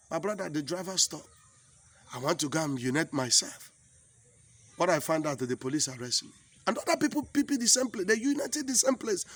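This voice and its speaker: A man from Nigeria with a Nigerian accent and an Igbo mother tongue, telling a comic story in pidgin English, animated and exclaiming, often repeating himself. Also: high voice, breathy edge.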